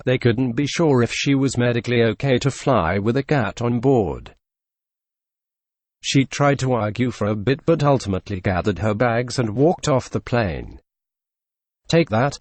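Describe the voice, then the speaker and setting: A man narrating a story read from an online forum, in an expressive voice-over with sarcastic asides. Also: medium pitch, dry recording. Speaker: narrator reading a reddit story.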